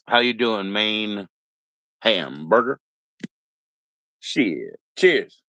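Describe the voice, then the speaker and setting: A man's voice: on the low side, animated, moderate pace, a bit bright, no room sound, muffled recording. A man chatting casually on a live stream, rambling and laid-back as he greets viewers one by one. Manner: rambling, laid-back, greets chat members, mock Aussie slang. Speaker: livestream host.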